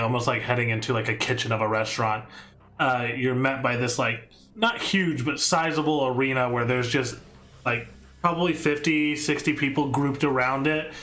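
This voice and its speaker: Bright-voiced male game master. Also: medium pitch. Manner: filler-heavy descriptive narration. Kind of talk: narrating a tabletop game.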